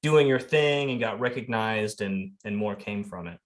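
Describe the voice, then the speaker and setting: A man's voice: on the low side, normal speed. A man interviewing a guest, asking questions and giving brief encouraging reactions.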